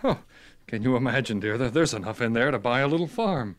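A man's voice: mid-range voice, expressive, a little fast, natural voice. An actor playing a hesitant, stammering older man in a radio drama. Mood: uneasy. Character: anxious aging male landowner, hesitant.

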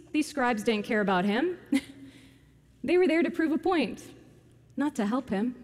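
A woman's voice: a little high, darkish tone. A woman preaching a sermon, retelling a scripture story and addressing her congregation directly. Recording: long hall reverb.

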